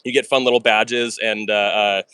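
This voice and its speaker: Fast-talking man live-streaming a puzzle. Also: fairly low pitch, clear, resonant tone, no echo. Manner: fast and chatty, talks through his moves; excitable, bursts of exclamations. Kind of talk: live stream chat while solving puzzles.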